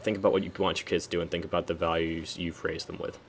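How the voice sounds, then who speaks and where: Young man, low-pitched, rambling and preachy, self-correcting, faint background noise. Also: level tone, fast talker, gravelly. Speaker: video commentator. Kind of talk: casual spoken commentary.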